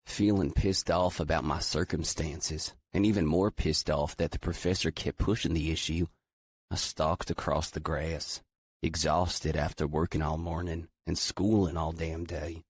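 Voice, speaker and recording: A man's voice: rumbling low, fairly even intonation, unhurried, slightly rough, dry recording. A man narrating a romance audiobook in the first person, with a weary, brooding delivery on a close studio mic.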